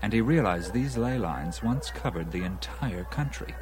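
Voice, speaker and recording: An enthusiastic man lecturing over dinner, as an actor plays him, his voice sitting a bit low. He builds his points eagerly and keeps talking through mouthfuls. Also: animated, normal speed, noisy background, lightly acted. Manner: eager lecturing, talks while eating. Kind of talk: film dialogue.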